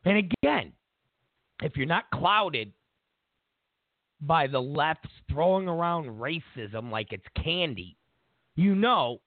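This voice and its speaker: A man hosting a show, giving an opinionated political commentary as a mocking, animated rant. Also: a little high, takes it slowly, long pauses, no room sound. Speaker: show host. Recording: tinny phone-like dry audio.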